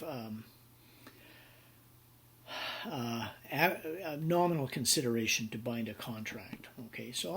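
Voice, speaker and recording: Lecturing on contracts at a university, a man speaks in a medium-pitched voice that is fairly bright in tone yet slightly rough. His conversational delivery is full of fillers and acted-out examples.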